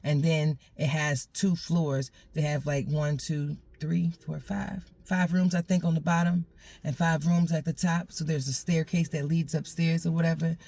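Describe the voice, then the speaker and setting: Woman, casual storytelling, animated, frequent laughter, repeats phrases. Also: low voice, moderate pace, gravelly, no echo.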